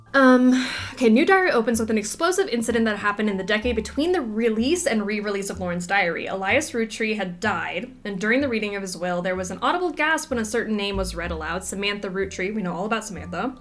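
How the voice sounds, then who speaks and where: A chatty woman plays through a detective game, thinking out loud and reading game text in a middle-pitched voice. Soft guitar music plays faintly behind her. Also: expressive, a little fast. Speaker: gaming streamer. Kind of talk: casual let's-play commentary, reading game text aloud.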